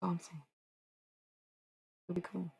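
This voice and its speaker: A woman streaming live, chatting casually and profanely with her viewers, rambling between quiet musing and loud bursts. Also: lowish voice, little pitch movement, normal speed, gravelly, breathy edge. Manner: rambling, profane, talks to chat.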